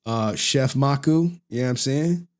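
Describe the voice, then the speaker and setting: A man's voice: medium pitch, normal speed. Laid-back, profane streamer guy. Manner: loose, profane, laughs often, slangy. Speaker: streamer and channel host. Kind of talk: casual livestream chat.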